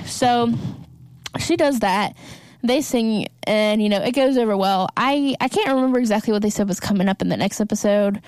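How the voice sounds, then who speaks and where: A woman's voice: mid-range voice, normal speed, a little mellow, no room sound. A young woman hosting a casual recap podcast, chatting loosely with lots of "like" fillers. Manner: chatty, heavy use of "like" fillers. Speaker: podcast host.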